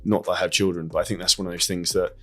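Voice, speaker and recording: An English fitness coach speaking as a podcast guest, direct and quick, with frequent "like" and the odd swear word. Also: male voice, low voice, level tone, bright, forceful tone. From England. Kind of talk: casual interview chat.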